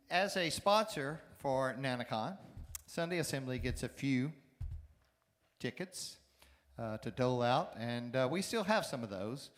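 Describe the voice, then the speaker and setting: A man making a casual community announcement, pausing on fillers. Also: medium pitch, a bit bright, a little hiss or hum. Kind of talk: spoken announcement. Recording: distant voice in a reverberant hall.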